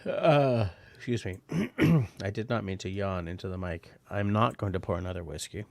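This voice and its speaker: Low-voiced man hosting a casual livestream. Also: moderate pace, vocal fry, a little mellow. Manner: chatty, rambling, self-deprecating. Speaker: livestream host. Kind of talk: casual chat while tasting whiskey.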